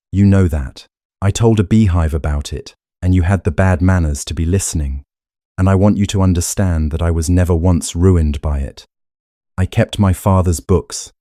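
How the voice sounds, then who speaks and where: A man voicing a steady, proud young countess who speaks firmly and plainly in an audiobook romance. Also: deep voice, no room sound, studio quality, natural voice. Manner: firm, measured, plain-spoken. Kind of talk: audiobook character reading.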